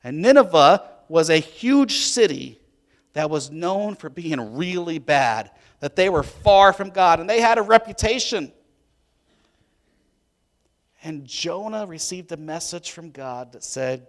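A man preaching a sermon as a pastor, telling a story in an animated way and swinging between loud and hushed. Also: fairly high pitch, measured pace.

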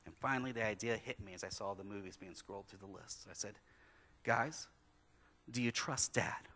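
Bright-voiced man preaching in a hall. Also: on the low side, brisk. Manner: animated storytelling, acting out his kids' voices. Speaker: pastor. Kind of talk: sermon with personal story. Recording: long hall reverb.

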